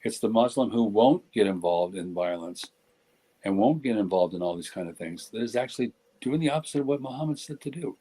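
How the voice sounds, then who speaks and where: A middle-aged man with a low, slightly husky voice talks on a podcast. He is blunt and joking, and he often stops and restarts his sentences. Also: lively intonation, a little fast, dark tone, rough recording. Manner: blunt, joking, self-interrupting. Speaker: podcast guest speaker. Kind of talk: casual podcast discussion.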